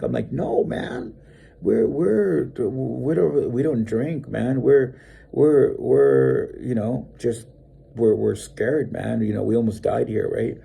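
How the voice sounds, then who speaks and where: A man telling his own survival story in a rambling, animated way, often breaking into the panicked voices he used back then. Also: fairly low pitch, vocal fry, husky. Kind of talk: casual spoken storytelling.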